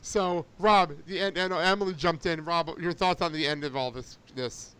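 Man, podcast host, high voice, bright tone, animated storyteller, laughs often. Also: moderate pace, clear, resonant tone. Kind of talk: casual chat.

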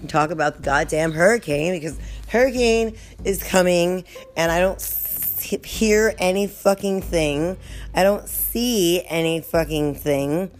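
A woman's voice: fairly low pitch, unhurried. Foul-mouthed rambling woman vlogger. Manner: profane, rambling, laughs often. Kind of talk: casual storytelling vent.

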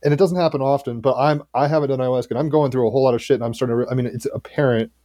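A man's voice: mid-range voice, racing, dark tone, dry recording, studio quality. A man hosting a casual conversation, rambling and candid, with loose phrasing.

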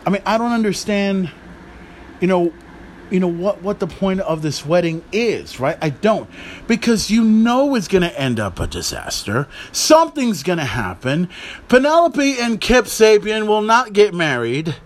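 A man's voice: high-pitched, big pitch swings, measured pace. A man hosting a podcast, ranting casually about wrestling with profane, exasperated rambling. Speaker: podcast host. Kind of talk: casual wrestling commentary rant.

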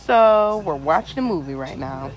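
A woman hosting a podcast, telling a story in a casual, animated and crude way, with plenty of swearing. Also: low-pitched, normal speed, poor audio. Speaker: podcast host.

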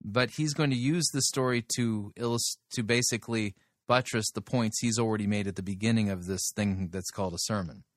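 A man's voice: fairly low pitch, brisk, few pauses, dry recording, studio quality. A man commenting on a sermon in a blunt, skeptical way. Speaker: sermon reviewer. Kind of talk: critical commentary.

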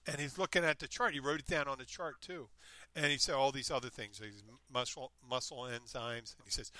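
Bright-voiced rambling male storyteller. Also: mid-range voice, normal speed, dry recording. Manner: meandering, self-interrupting, animated retelling. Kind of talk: casual chat, rambling storytelling.

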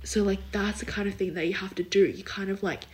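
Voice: mid-range voice, steady tone, fairly quick, poor audio. A young adult podcast host talking in a casual, rambling way, full of "like" and "kind of". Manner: rambling, filler-heavy, many likes and kind ofs. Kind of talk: casual solo podcast chat.

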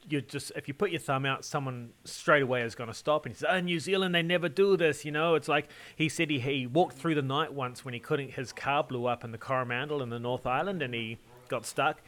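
A man's voice: medium pitch, fairly bright tone. A man co-hosting a podcast, telling a long story in a chatty way, often laughing and repeating words as he goes. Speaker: podcast co-host. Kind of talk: casual storytelling.

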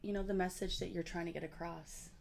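A middle-aged woman co-host with a lowish, gravelly voice. She chats bluntly and casually, and her sentences often trail off quietly. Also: fairly even intonation, brisk, slight background noise. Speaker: podcast co-host. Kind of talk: casual podcast chat.

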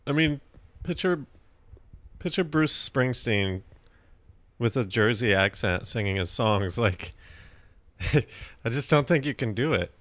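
A man's voice: medium pitch, expressive, unhurried, pauses often, a bit bright, no echo. Male podcast co-host, casual and skeptical, mid-range voice, dry close mic. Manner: skeptical, questioning, pushes back. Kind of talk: casual chat.

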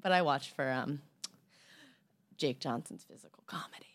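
A woman's voice: a bass voice, normal speed. A young woman co-hosting a podcast, chiming in with playful, teasing remarks in casual chat. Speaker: podcast co-host.

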